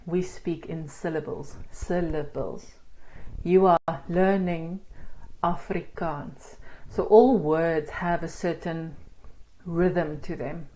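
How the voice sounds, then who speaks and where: A woman's voice: lowish voice, a little mellow. A woman teaching an online language lesson, explaining step by step in a patient, encouraging way. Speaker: Afrikaans teacher.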